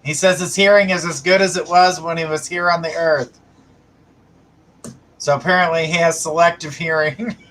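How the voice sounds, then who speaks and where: A man's voice: fairly high pitch, fairly even intonation, normal speed, fairly bright tone, rough recording. A man hosting a live psychic reading stream, chatting casually, laughing often and reading viewer comments aloud. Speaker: psychic livestream host.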